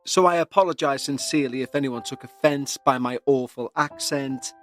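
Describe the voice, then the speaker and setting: A man hosting a paranormal podcast, speaking in an earnest, measured way. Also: medium pitch, soft background music. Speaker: podcast host. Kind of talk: scripted paranormal podcast narration.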